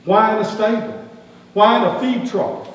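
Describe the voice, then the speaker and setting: A man, a pastor, playing a skeptical, rough-spoken outcast shepherd in a first-person dramatic sermon, talking. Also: high voice, normal speed, pitched above the performer's own voice, natural voice. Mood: earnest. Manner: folksy, colloquial grammar, rising animated questioning. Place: church sanctuary. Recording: echoey hall, distant mic, faint hum.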